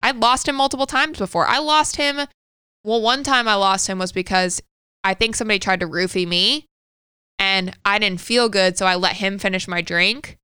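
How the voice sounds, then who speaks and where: A woman's voice: mid-range voice, steady tone, moderate pace, bright, forceful tone, clean tone, no echo. A woman in her thirties co-hosting a podcast, telling a personal story candidly and swearing freely. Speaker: podcast co-host. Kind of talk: casual conversational storytelling.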